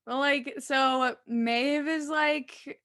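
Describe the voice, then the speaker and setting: A woman co-hosting a casual TV episode discussion, animated and gushing, often exclaiming and trailing off. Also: high voice, extremely slow, dry recording, studio quality. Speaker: co-host.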